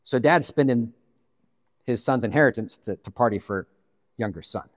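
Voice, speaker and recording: This man, a Pacific Northwest guest pastor, speaks at a moderate pace and medium pitch in a large hall. His sermon unfolds as animated storytelling sprinkled with humorous asides.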